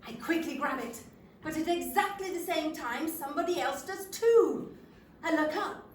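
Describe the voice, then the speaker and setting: An older woman, performing a comic stage monologue in a wry, self-deprecating, expressive manner. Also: sits high, moderate pace, a little hiss or hum. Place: theatre stage. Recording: roomy theatre, from a distant mic.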